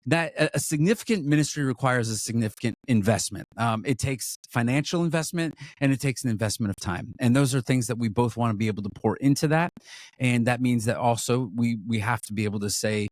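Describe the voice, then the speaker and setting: A man's voice: mid-range voice, no room sound. A man co-leading a ministry, talking earnestly in a casual fundraising chat, full of restarts and fillers. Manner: earnest, halting with many restarts. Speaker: ministry co-leader.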